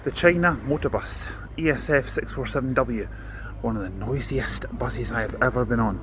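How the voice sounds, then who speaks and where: A man's voice: mid-range voice, normal speed. A man filming a vintage bus rally, chatting casually and reading out bus registration plates one by one. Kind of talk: casual commentary while filming. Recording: outdoor noise with passing vehicles.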